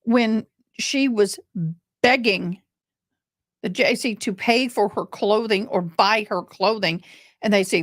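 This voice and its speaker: A woman's voice: medium pitch, slow pace, no echo, clean studio sound. A woman hosting casual crime commentary, chatty and rambling, often going off on tangents.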